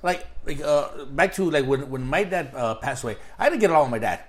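A man's voice: on the high side, animated, a little fast. A middle-aged man in casual chat, telling family stories with lots of swearing and sudden bursts of animation.

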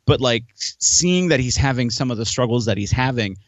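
A man's voice: medium pitch, expressive, a little fast, dry recording, dull audio. A man hosting a casual podcast chat, talking in long rambling stretches with restarts and acted-out thoughts. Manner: rambling, many restarts and quoted self-talk. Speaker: podcast host; wrestler and promoter.

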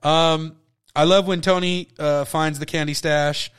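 A man's voice: fairly high pitch, fairly even intonation, measured pace, a bit bright, clear, resonant tone. A tipsy man hosting a solo podcast, rambling loosely and swearing, often cutting himself off. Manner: loose, profane, self-interrupting. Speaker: podcast host.

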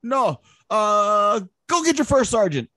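A man imitating a stern older male sergeant major with a Vietnamese accent, halting with many "uh" pauses and curt refusals. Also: sits high, sing-song, sharp tone, no room sound, voice pushed up, heavily acted. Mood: dismissive. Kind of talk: impression within a spoken story.

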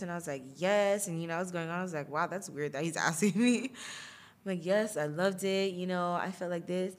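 A woman's voice: fairly low pitch, fairly quick. A young woman hosting a podcast, telling a personal story in a chatty way, laughing often and using lots of fillers. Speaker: podcast host. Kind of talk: casual storytelling.

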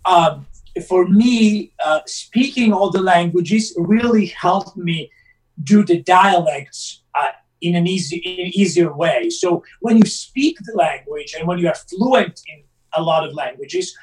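High-voiced man, a bit off-mic. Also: a little slow, recorded from a distance, low-quality recording. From Italy. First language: Italian. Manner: earnest, methodical explainer. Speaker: actor guest. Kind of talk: casual interview chat.

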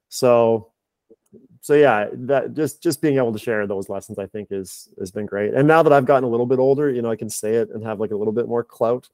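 A man in his thirties, a high performance coach, talking candidly on a podcast, rambling with fillers and restarts. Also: a little fast, darkish tone, dry recording. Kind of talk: casual podcast conversation.

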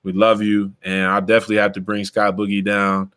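A young man hosting a casual chat, telling a story in an animated, slangy way and calling his listener bro. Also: lowish voice, brisk, clean tone. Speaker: podcast host, former player.

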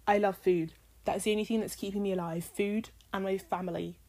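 A woman's voice: medium pitch, steady tone, brisk, dark tone. A young British woman in her twenties hosting a casual solo podcast, rambling and swearing freely, a little tired with a drying voice. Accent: British English. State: tired, voice getting dry. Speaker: podcast host.

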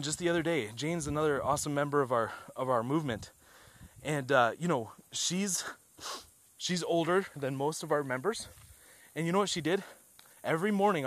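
A man delivering an enthusiastic sales pitch for a trading group, emphatic, repeating his points and firing off rhetorical questions. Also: a bit bright, no room sound. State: a little out of breath.

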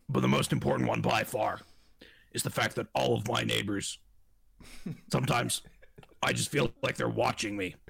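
A man doing a gravelly paranoid radio ranter. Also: mid-range voice, a bit bright, heavily acted. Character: paranoid middle-aged male conspiracy radio host, ranting.

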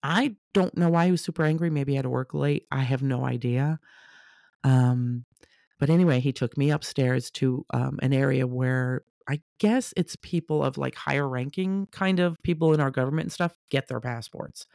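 A woman's voice: a bass voice, normal speed, vocal fry, dark tone, no echo, studio quality. A woman telling a personal story in a conversational way, reenacting what people said.

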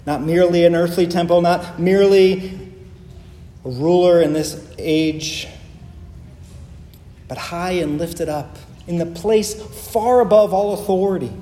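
High-voiced man preaching in an echoey hall. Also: dark tone. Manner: earnest, emphatic preaching with pauses. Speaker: pastor. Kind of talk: sermon. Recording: echoey hall with faint ambience.

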